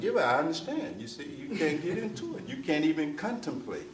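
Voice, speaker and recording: A man with a fairly high, sing-song voice speaks a little fast with few pauses, and there's slight background noise. He is a spiritual teacher giving a discourse to a gathered audience, emphatic and repetitive, often asking "you see?" and using street slang. A distant mic lends a roomy feel with faint ambience.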